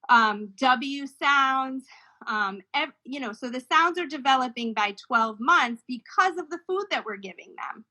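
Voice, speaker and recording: A woman's voice: sits high, bright, forceful tone, poor audio. A woman speech therapist explaining how children's language develops, now and then imitating baby sounds. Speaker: speech-language pathologist guest.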